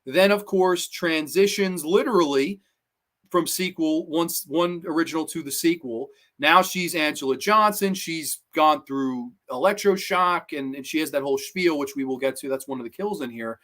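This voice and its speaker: Man, horror reviewer, casual countdown, animated, swears a lot, does quick impressions. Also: fairly high pitch. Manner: animated, profane, acts out quotes in funny voices.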